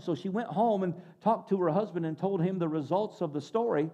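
A man preaching a sermon, switching between loud exclamations and hushed moments and repeating words as he builds up. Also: high-pitched, fairly quick, muffled recording. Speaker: pastor.

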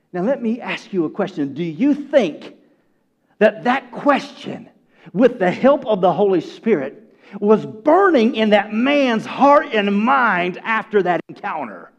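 A pastor preaching a sermon to his congregation. He swings between loud, raised bursts and hushed, low phrases, and calls out to the listeners. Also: sing-song, unhurried, vocal fry.

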